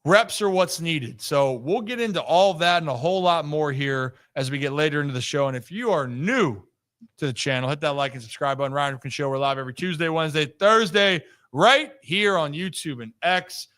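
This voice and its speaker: This is a man hosting a live baseball talk show, and his voice sits a bit high with a bright, ringing edge. He talks in a lively, animated way and teases his co-host as he goes. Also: brisk. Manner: energetic, animated, teasing. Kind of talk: casual sports talk show.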